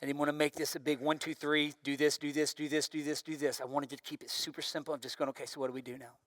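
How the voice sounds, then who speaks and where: A young man preaching a sermon with a bright, forceful tone. He shifts from loud, shouted bursts to soft, hushed passages. The recording is dry and close, with no room echo. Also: fairly high pitch, quick pace. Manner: animated, swings from shouting to hushed. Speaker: pastor.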